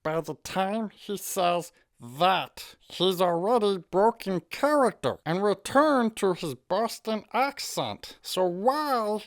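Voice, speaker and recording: A woman's voice: mid-range voice, expressive, takes it slowly, few pauses. A woman narrating a sarcastic, profane comedic movie review.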